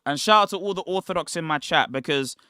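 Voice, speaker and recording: A young British man chats on his stream in loose slang, looping back and restarting his sentences as he talks. His voice is bright and forceful, pitched a bit high for a man. The sound is crisp and very dry. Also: dry recording. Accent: British English. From Britain. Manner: rambling, slangy, quick restarts. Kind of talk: casual livestream storytelling.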